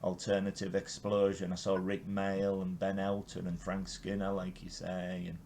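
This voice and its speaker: Older man, from England, podcast host, lowish voice, chatty and eager, faint hiss. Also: completely flat delivery, normal speed, creaky, darkish tone. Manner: chatty, enthusiastic, with frequent restarts and chuckles. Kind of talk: casual interview chat.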